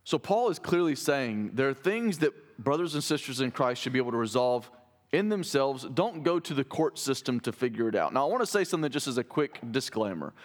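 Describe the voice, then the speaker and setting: A man's voice: mid-range voice, big pitch swings, fairly quick. A man preaching a sermon in a conversational way, asking his listeners rhetorical questions. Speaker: pastor.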